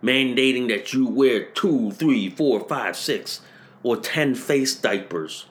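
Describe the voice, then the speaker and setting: A man hosting a podcast, ranting and hammering the same phrases over and over, rising to shouted peaks. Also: medium pitch, slow. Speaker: podcast host. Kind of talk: political rant.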